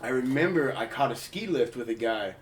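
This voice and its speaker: A man's voice: medium pitch, animated, brisk, echoey room, slight background noise. Profane, slangy young man telling stories. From California. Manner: profane, slangy, acts out quotes. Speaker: podcast host. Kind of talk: casual storytelling chat. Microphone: portable handheld recorder.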